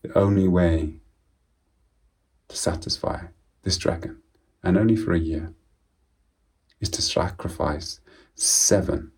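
A man voicing a solemn old village seer in a told folk tale, speaking low and hushed. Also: slightly rough, full character voice.

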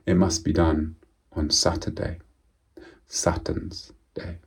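A man voicing a solemn old village seer in a told folk tale, speaking low and hushed. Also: flat delivery, takes it slowly, creaky, breathy edge, whispered, full character voice.

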